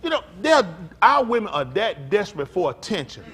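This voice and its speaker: A pastor preaches in an emphatic way, his high voice swinging widely. He drops low and quiet, then builds up to loud outbursts. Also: big pitch swings, fairly quick, husky. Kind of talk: animated preaching talk.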